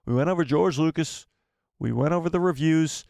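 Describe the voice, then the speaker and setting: A man's voice: fairly high pitch, fairly quick, gravelly, a little mellow, no room sound, studio quality. A young man hosting a casual live stream from a small home room, chatty and laughing often as he thanks donors.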